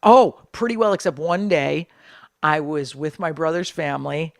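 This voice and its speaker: Middle-aged woman comic, gravelly, swears a lot, dry close mic, brash storyteller. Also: sits low, normal speed, dry recording. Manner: brash, profane, storytelling with lively put-on quotes. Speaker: comedian and podcast guest. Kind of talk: casual podcast chat.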